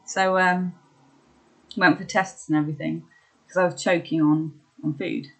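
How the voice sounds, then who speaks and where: A young woman talking candidly about her own experiences, hesitant with many pauses and ums, laughing at herself at times. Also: on the low side, steady tone, low-quality recording. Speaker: vlogger sharing her illness experience. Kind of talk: candid personal chat.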